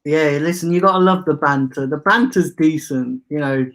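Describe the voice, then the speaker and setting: A man's voice: on the high side, normal speed, a bit bright. Chatty man hosting a livestream. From England. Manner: chatty, reads out viewer comments, banter. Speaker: fan channel host. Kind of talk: casual livestream chat.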